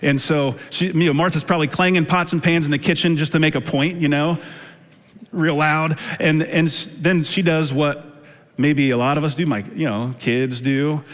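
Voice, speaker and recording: A man's voice: fairly high pitch, steady tone, normal speed. A middle-aged male pastor preaching a sermon in a conversational, storytelling way with many fillers. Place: church sanctuary. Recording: long church hall reverb.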